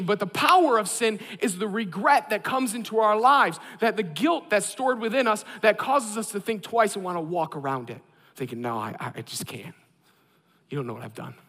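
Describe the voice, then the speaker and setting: A man in his thirties preaching a sermon, an animated and self-deprecating storyteller. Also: very high-pitched, in a large hall. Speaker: pastor.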